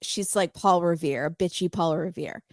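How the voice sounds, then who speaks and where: A woman's voice: lowish voice, normal speed, no room sound, studio quality. A woman hosting a podcast, chatting casually about a reality show and acting out what the cast said. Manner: animated, acts out quoted cast members in put-on voices. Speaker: podcast host. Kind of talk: casual chat recapping reality TV.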